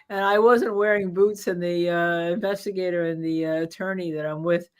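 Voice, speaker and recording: A woman's voice: on the low side, fairly even intonation, moderate pace, hardly any pauses. A woman trial lawyer with a New Jersey accent, co-hosting a casual legal commentary show, chatty with many fillers and restarts.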